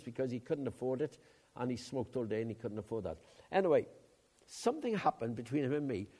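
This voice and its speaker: A man preaching a sermon, telling personal stories in a chatty way with loud emphatic bursts. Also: fairly high pitch.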